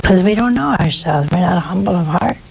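A woman's voice: fairly low pitch, expressive, fairly quick, vocal fry, darkish tone, slight background noise. A woman preaching a sermon in a folksy way, full of rhetorical questions and exclamations.

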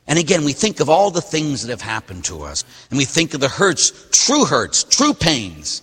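A man delivers a Catholic sermon with a bright, slightly husky voice, swinging between loud emphatic lines and hushed, slowed phrases. His lively pitch carries a long, ringing church reverb. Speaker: Catholic priest. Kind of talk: sermon with scripture reading.

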